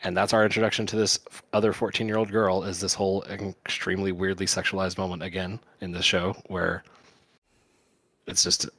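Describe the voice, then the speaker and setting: A man with a very low voice co-hosting a podcast and giving measured, critical commentary in casual chat. The sound is dry and close. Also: little pitch movement, fairly bright tone, dry recording. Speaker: podcast co-host.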